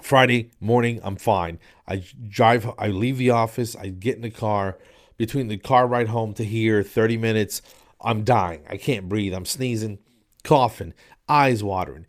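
A man's voice: lowish voice, normal speed. Rambling, slightly nasal male podcast host. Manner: rambling, joking, many fillers. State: stuffy from allergies. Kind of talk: casual solo chat. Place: spare room downstairs.

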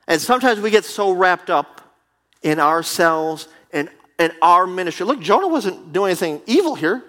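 A man preaching a sermon with animated, emphatic delivery and acted asides, from the United States. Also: fairly high pitch, normal speed.

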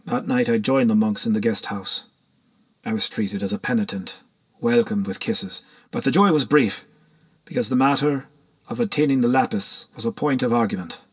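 A man narrating a scripted story in a steady, reflective way. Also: medium pitch, moderate pace, husky.

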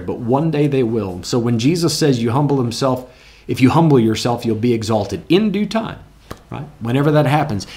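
A man's voice: on the high side, a little mellow. A man preaching a sermon in a church, talking earnestly and conversationally, often repeating words as he goes and reading scripture aloud with emphasis. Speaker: pastor. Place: church sanctuary with congregation.

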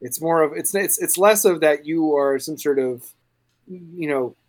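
A man's voice: a little high, a little slow. A man running a tabletop game in casual podcast chat, rambling and restarting his sentences with enthusiasm. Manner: rambling, self-interrupting, enthusiastic. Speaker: game master.

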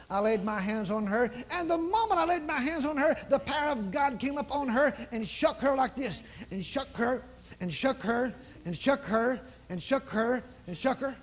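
High husky preacher guy, all fired up, big echoey hall. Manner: fervent, shouting praise, rapid calls to come forward. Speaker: evangelist. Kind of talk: revival sermon with healing prayer. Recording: live in a large hall with long reverb.

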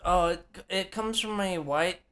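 A man guest on a casual podcast, making dry, deadpan jokes. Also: high-pitched, measured pace. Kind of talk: casual chat.

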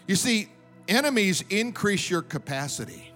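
Preacher guy with a high voice, punchy and emphatic, asking for amens, faint music under him. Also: big pitch swings, moderate pace, pushed and bright. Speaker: pastor. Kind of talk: sermon. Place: church sanctuary with congregation.

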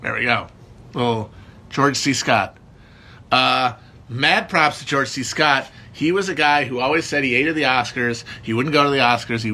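Rambling, husky-voiced man chatting. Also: medium pitch, sharp tone. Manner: rambling, heavy with fillers and restarts. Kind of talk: casual chat.

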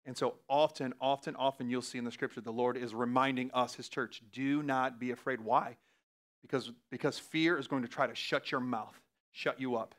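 A man preaching a sermon as pastor, talking in a casual, laughing way and swinging from hushed lines to loud outbursts. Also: medium pitch, steady tone, moderate pace.

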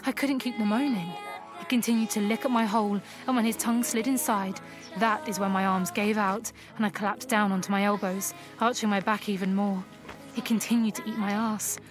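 A woman narrating an erotic audio story in a soft, unhurried first-person reading. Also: medium pitch, fairly even intonation. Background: music.

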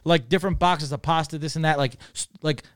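A man's voice: a little high, brisk, dry recording, clean studio sound. A man, a podcast co-host telling a story in casual, profane chat full of "dude" and "bro". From New Jersey.

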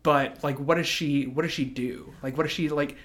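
Slightly high-voiced man chatting casually. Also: steady tone, normal speed, fairly bright tone. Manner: loose, swears freely, lots of fillers. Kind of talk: casual chat.

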